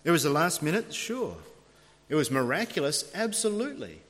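A man's voice: on the high side, sing-song, moderate pace, fairly bright tone. A man preaching a sermon, retelling a scripture story in a dramatic storytelling manner. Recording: long reverb of a large hall.

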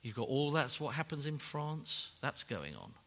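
A man preaching a sermon, emphatic and animated, often tagging rhetorical questions onto his points. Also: mid-range voice, normal speed. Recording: long hall reverb.

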